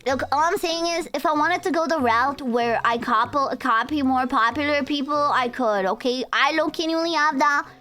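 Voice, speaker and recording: Young woman from romania, high voice, streamer, casual rambling chat, playful, swears, faint background music. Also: normal speed, hardly any pauses, sharp tone.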